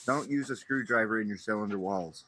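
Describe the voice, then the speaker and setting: A man's voice: on the low side, brisk, bright, forceful tone, low-quality recording. A man giving a casual, rambling voice-over of his own engine teardown, slangy and easygoing with some mild swearing. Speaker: channel host narrating his engine teardown.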